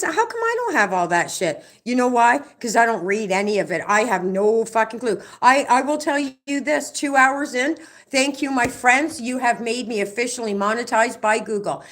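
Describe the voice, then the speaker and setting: A middle-aged woman tells a long story on her livestream, swearing freely and acting out what the other people said. Her voice sits a little on the high side, and she talks loosely, straight to her viewers. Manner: profane, animated storytelling with acted-out quotes. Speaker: livestream vlogger. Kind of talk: ranting livestream chat.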